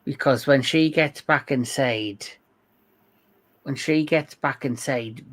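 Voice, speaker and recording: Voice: medium pitch, slow pace. A co-host in a casual film review, recapping scenes step by step and swearing casually.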